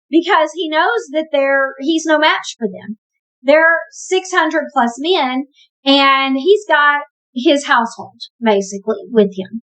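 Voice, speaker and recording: High-voiced woman retelling a Bible story. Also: fairly bright tone, low-quality recording. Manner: conversational, wry, emphatic. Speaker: Bible teacher.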